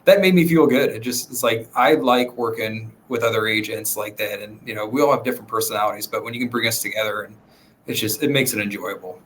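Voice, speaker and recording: A man who works as a real estate agent, a podcast guest chatting in a relaxed, rambling way with many fillers. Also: lowish voice, fast, a little hiss or hum. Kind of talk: casual podcast conversation.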